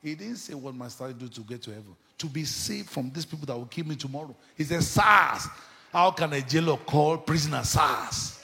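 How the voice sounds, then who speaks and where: A man preaching a sermon with fervor, swinging between sudden shouts and hushed asides. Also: fairly high pitch, fast talker, vocal fry, few pauses, in a large hall. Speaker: pastor. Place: church.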